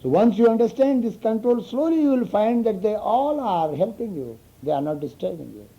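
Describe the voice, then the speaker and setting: Here a spiritual teacher, male, talks informally to students in a high, expressive, slightly rough voice at normal speed. He tells stories, chuckles, and repeatedly asks "you understand?", all captured on a dull lo-fi recording.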